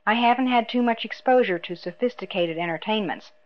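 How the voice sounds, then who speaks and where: A woman reading the lines of an earnest young man, a country boy and pilot, in a low-key way. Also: brisk, highs cut off, lightly acted.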